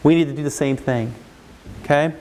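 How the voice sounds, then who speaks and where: Speaking at a moderate pace, a middle-aged counselor presents a parenting workshop to a live audience in a big hall with long reverb. His voice is fairly high, and he animatedly plays both parents and children in raised voices.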